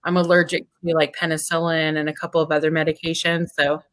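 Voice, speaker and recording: Bright-voiced woman telling a story. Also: low-pitched, fast, dry recording, low-quality recording. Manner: animated storytelling with swearing and laughs. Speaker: group chat participant. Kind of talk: casual chat.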